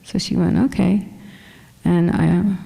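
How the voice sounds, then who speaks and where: Woman, small voice, dark mellow tone, flat low pitch, anecdotal chat. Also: measured pace, vocal fry, long reverb tail, poor audio. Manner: chatty, anecdotal, with many fillers. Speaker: fashion photographer guest. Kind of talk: casual talk presenting her photos. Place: lecture hall at a museum.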